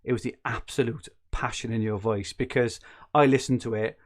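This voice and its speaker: Chatty podcast host. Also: male voice, medium pitch, steady tone, moderate pace. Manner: chatty, laughing often, with frequent restarts. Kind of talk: casual chat.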